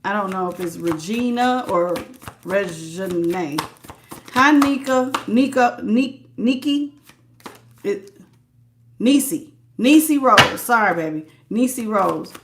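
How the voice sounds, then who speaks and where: A woman's voice: medium pitch, expressive, slow pace, noisy background. A woman giving a live tarot reading, chatty and emphatic, greeting viewers by name and repeating words for stress. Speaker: tarot reader.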